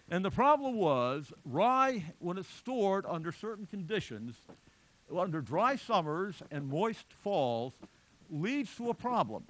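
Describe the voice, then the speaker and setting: A middle-aged man giving a public lecture in a chatty, digressive way with joking asides. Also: high voice.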